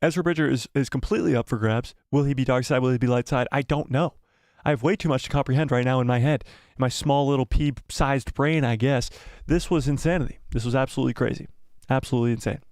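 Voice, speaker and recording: A man hosting a live watch-party stream, chatting excitedly, exclaiming and repeating himself. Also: medium pitch, quick pace, no room sound, studio quality. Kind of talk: live watch-party chat, reading viewer comments.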